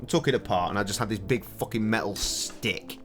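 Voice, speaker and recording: Brief: middle-aged man, lowish voice, sweary and cheeky, gaming stream with game music underneath. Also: fairly quick, a bit bright. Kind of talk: casual commentary with storytelling. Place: home, indoors.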